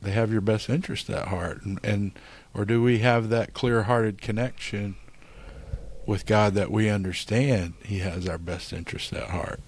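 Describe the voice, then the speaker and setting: Lowish and slightly breathy, this middle-aged man's voice holds a steady tone at normal speed. Co-hosting a podcast, he speaks sincerely and informally about spirituality and recovery, dropping "you know" often.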